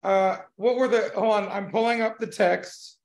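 Laid-back male podcast co-host with a high, gravelly voice. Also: fairly even intonation, normal speed. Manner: laid-back, rambling, swears casually, laughs often. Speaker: podcast co-host, tattoo artist. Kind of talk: casual chat.

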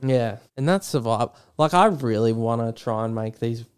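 A man's voice: medium pitch, lively intonation, normal speed, clear, resonant tone. A man with an Australian accent co-hosting a podcast in casual chat, rambling with restarts and swearing freely. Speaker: podcast co-host.

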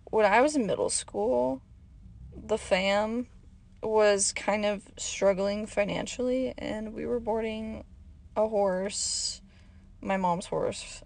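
A young woman hosting her own podcast, chatting casually and rambling off topic with lots of fillers, her voice a little hoarse. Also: medium pitch, a little mellow. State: slightly hoarse. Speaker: podcast host. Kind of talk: casual solo podcast chat.

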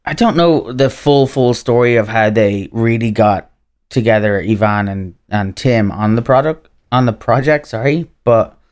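A man's voice: mid-range voice, a little slow, darkish tone. An Irish man from Ireland appearing as a guest in a casual conversation, easygoing and full of "um"s and "like"s, correcting himself as he goes. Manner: easygoing, lots of fillers and self-corrections. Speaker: guest, brand representative.

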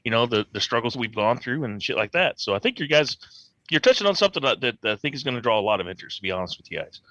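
A man's voice: mid-range voice, very animated, very fast, a bit bright, no echo. A man in casual podcast conversation, talking in a loose, rambling way on dull lo-fi audio.

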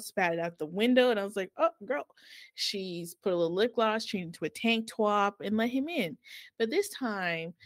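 A woman's voice: fairly low pitch, a bit bright, dry recording. A woman co-hosting a book podcast, chatting casually and retelling a story with lots of quoted voices.

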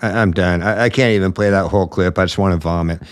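A man's voice: deep voice, fast talker, no room sound, clean studio sound. Indignant, blunt male podcast host. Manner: blunt, indignant, sarcastic ranting. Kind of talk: political commentary monologue.

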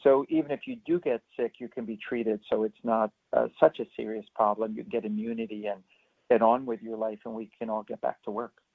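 A man's voice: on the low side, lively intonation, fairly quick, gravelly. Earnest male pediatrician on a phone line. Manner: earnest and explanatory, with vivid demonstrations. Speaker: pediatrician guest. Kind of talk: expert interview answers. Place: remote, not in the studio. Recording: tinny phone line into a radio show.

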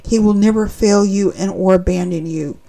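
A woman's voice: mid-range voice, normal speed, vocal fry, mellow, low-quality recording. A woman preaching a sermon, earnest and speaking straight to her listeners. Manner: earnest, addressing listeners directly.

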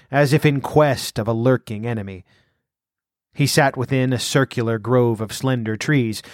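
A man reading a fantasy story aloud as narrator, with steady, measured storytelling. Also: mid-range voice, no room sound, studio quality. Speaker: audiobook narrator.

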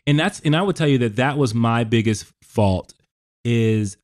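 A man's voice: medium pitch, moderate pace, a little mellow. A middle-aged man co-hosting a podcast, talking reflectively in long, winding sentences with frequent restarts. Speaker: podcast co-host. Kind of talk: casual podcast conversation.

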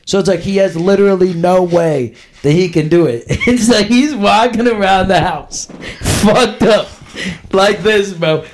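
A man's voice: sits high, measured pace, a little hiss or hum. A young man telling a wild party story on a podcast, crude and laughing as he goes. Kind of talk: casual storytelling.

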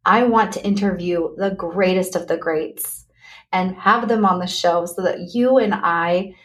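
A woman hosting her own podcast, talking candidly and earnestly to listeners in a motivational pep talk, speeding up then slowing on key words. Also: fairly low pitch. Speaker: podcast host.

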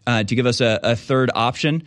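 A man's voice: mid-range voice, a bit bright, clean tone, no room sound. A man hosting a call-in talk show, riffing with callers in a loose, joking way. He often stops and restarts mid-sentence. The sound is close and dry, with no room around it. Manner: joking, quick riffs, trails off into restarts.

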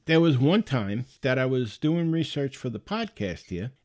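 A man's voice: medium pitch, big pitch swings, moderate pace, a little mellow. A man hosting a podcast, chatting casually and rambling through a story, often restarting his sentences. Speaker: podcast host.

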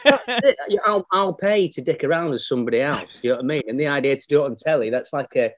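Male actor, podcast guest, anecdotal and chatty, a touch higher than average, dry close sound. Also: lively intonation, fast, no echo. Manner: chatty anecdotal storyteller, slips into voices for people he quotes. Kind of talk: casual podcast chat.

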